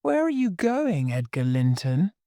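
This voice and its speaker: A reader voicing a spoiled, quarrelsome young woman in an audiobook, going high and shrill when angry. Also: big pitch swings, a little slow, warm tone, no echo, studio quality. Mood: pleading. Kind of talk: audiobook reading.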